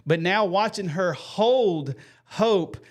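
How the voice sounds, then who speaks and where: A man, hosting a live faith stream with earnest, folksy talk and shout-outs to viewers. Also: high voice, takes it slowly.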